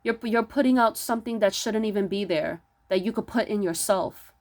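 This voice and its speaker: A woman delivering an impassioned spiritual monologue, preachy and emphatic, stumbling over restarts and pushing into near-yelling rhetorical questions. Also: mid-range voice, normal speed. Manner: stammering restarts. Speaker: spiritual vlogger.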